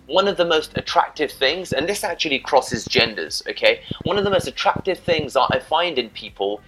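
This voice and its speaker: A man's voice: fairly high pitch, animated, moderate pace, music in the background, low-quality recording. A man giving dating advice in a casual, rambling monologue to camera, often adding "you know" and "right?". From Britain.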